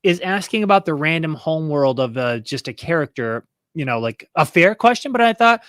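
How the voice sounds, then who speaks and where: Bright-voiced man hosting a trivia quiz. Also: on the high side, expressive, dry recording, clean studio sound. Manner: chatty, laughing, reading questions slowly. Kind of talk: casual podcast chat.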